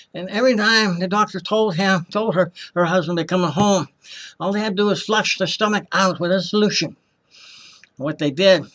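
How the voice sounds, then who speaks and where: Impassioned high-voiced man giving testimony. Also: a bit bright. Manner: impassioned and accusing, repeats himself, acts out quoted voices. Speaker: former hospital patient giving testimony. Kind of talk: personal testimony, storytelling.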